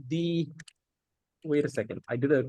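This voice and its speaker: A man with an Indian English accent hosting a speaking club meeting, sometimes halting and restarting as he searches for words. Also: on the high side, mellow, dry recording. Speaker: Toastmaster of the Day.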